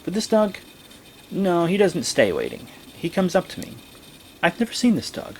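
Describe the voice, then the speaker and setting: A young man vlogging, telling a rambling story in a casual way and breaking into high, excited exclamations. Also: normal speed, slight background noise.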